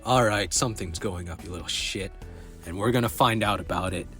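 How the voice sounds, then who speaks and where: A smug young detective from a video game, as a man acts him out, scheming and hostile under a casual manner. His voice sits near the man's own pitch, with faint music in the background. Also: fairly quick, fairly bright tone.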